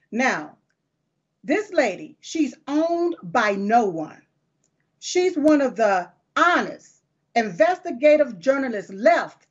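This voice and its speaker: A woman's voice: a little high, muffled recording. A woman hosting a political talk show, talking in a fiery, folksy and emphatic way.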